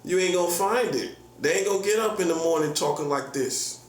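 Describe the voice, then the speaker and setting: A man's voice: sits high, brisk. A man in his forties, a prophet, ranting casually in slangy, repetitive, boastful talk. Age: 40s. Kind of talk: casual vlog rant. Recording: echoey room with faint hum.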